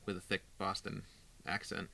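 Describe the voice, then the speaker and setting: A man's voice: low-pitched, level tone, moderate pace, creaky, pushed and bright. A man co-hosting a podcast in casual chat, talking hesitantly with many "like"s and restarts. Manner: hesitant, lots of fillers and restarts. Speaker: podcast co-host.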